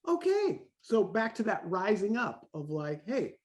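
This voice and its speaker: A man in his forties, a podcast guest, talking in a lively way and acting out the voices he quotes. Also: sits high, unhurried. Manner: animated, acts out quoted voices. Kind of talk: casual conversation.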